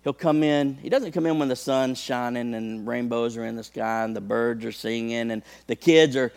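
A man's voice: mid-range voice, steady tone, moderate pace, gravelly, hardly any pauses, darkish tone, clear, resonant tone. Man preaching a passionate sermon. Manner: passionate, builds to impassioned peaks; conversational asides to the congregation.

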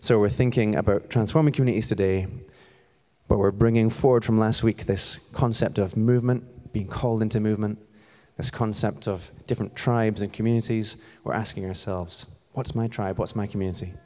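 A man's voice: lowish voice, fairly even intonation, brisk, warm tone. A young man from Scotland giving a chatty, self-deprecating sermon in a church, moving around as he talks. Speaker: church staff member preaching. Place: church hall. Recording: long hall reverb.

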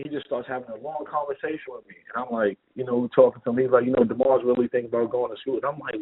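A man's voice: mid-range voice, fast talker, breathy edge. A middle-aged man with a New York accent, a guest telling stories in a casual interview and acting out the dialogue. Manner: animated, acts out dialogue in anecdotes. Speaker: guest, former basketball player. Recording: tinny phone-like line.

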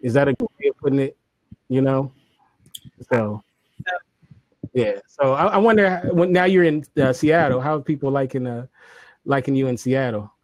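A man's voice: medium pitch, animated, moderate pace, long pauses, no room sound. A man hosting a casual livestream chat, laid-back and slangy, laughing often. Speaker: host.

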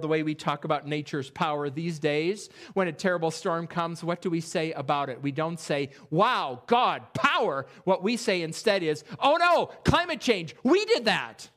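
A man preaching an expository sermon in a church, reading scripture aloud and posing rhetorical questions with animated delivery. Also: high-pitched. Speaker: pastor. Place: church sanctuary.

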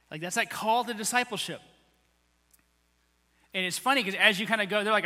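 Lively bright-voiced male preacher. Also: high voice, fast, in a large hall. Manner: animated, acts out quotes, conversational. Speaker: pastor. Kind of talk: sermon.

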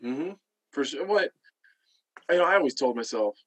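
A man's voice: a little high, expressive, normal speed, a bit bright. A man speaking as a guest in casual chat, laid-back and thoughtful.

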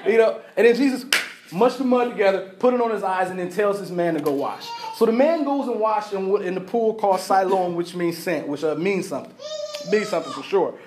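Male pastor with a high voice, preaching casually and acting out the story. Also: a little fast, noisy background. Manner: casual storytelling, acts out characters, laughs often. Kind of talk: sermon. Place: church.

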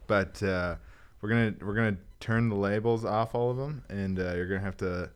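A man's voice: on the low side, fairly even intonation, normal speed, clean tone. A man who is a comedian guest on a podcast, riffing playfully and sarcastically in casual chat.

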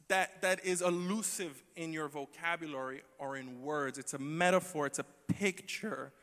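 Guy preaching, chatty and jokey, slightly high voice, big echoey hall. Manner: conversational, humorous, shifts from quiet to emphatic. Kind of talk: sermon. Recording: long hall reverb.

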